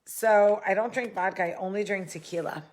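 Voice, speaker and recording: A woman's voice: medium pitch, normal speed. A woman with a New Jersey–New York accent hosting a casual talk, a bit tipsy from drinking, rambling with jokey asides as she tells a story. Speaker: host. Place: indoors, seated in a chair.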